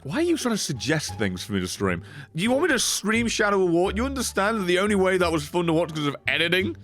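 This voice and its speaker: A man's voice: sits high, quick pace, soft background music. A man signing off a live stream, rambling, swearing a lot and getting worked up at chat. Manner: profane, excitable, rambling. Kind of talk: casual stream sign-off chat.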